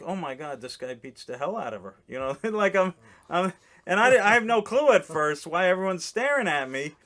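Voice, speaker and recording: A man with a somewhat higher voice tells a comic story in casual podcast chat. He rambles, restarts his sentences and laughs partway through. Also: fairly bright tone. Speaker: comedian guest. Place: boat in a harbor.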